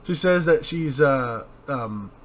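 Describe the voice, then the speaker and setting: A young man in relaxed conversation, walking through a film's plot scene by scene. His voice sits a little high for a man. A faint background hiss hangs under the recording. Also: takes it slowly. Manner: retelling scenes, quoting lines, laughing. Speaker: podcast co-host. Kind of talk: casual movie review chat.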